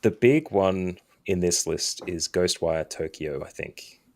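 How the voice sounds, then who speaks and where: Deep-voiced man giving measured takes. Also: a little mellow. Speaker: podcast co-host. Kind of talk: casual chat.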